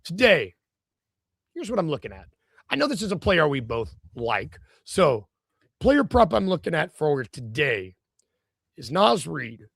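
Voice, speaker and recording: A man's voice: fairly high pitch, sing-song, measured pace, creaky, pauses often, a bit bright, breathy edge, dry recording, studio quality. A man co-hosting a sports podcast, rambling through casual chat with lots of fillers and restarts. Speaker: podcast co-host.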